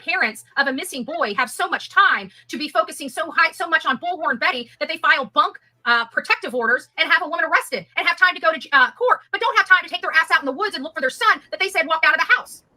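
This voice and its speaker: A woman's voice: very high-pitched, lively intonation, fast, hardly any pauses, sharp tone, rough recording. A woman reacting with sarcastic, incredulous commentary on a stream.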